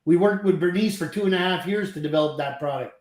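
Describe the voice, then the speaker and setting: A talkative, friendly man from Canada, here a company president chatting as a podcast guest. His voice is slightly high and he laughs easily. The recording carries a noticeable room echo. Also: quick pace, darkish tone. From French Canada. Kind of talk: casual chat.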